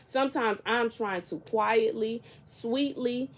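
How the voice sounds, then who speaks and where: A woman in her early thirties, talking casually to camera in a soft-spoken, chatty and rambling way. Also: on the high side, takes it slowly. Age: 30s. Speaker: prophetic content creator.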